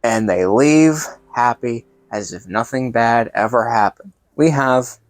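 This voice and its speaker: A man's voice: medium pitch, a little slow, no echo. A man hosting a comedic cooking vlog, narrating in a playful, mock-grand showman way. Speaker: cooking show host.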